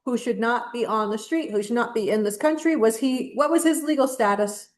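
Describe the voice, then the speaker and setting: A woman's voice: fairly high pitch, fairly quick. A woman co-hosting a casual opinion chat, talking in a blunt, emphatic, indignant way. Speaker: podcast co-host.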